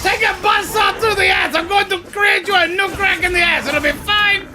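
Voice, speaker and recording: A streamer giving loud, foul-mouthed gameplay commentary and shouting insults at the monsters. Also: very high voice, steady tone, normal speed, noisy background. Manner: loud, swearing, yelling at monsters. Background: game music.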